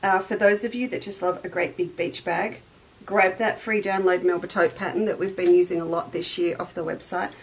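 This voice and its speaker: Middle-aged aussie woman chatting live to her sewing viewers, bit of gravel in her voice. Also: fairly low pitch, steady tone, brisk, low-quality recording. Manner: chatty, greets viewers by name, eats on air. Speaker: shop owner and livestream host. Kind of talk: casual live sewing chat.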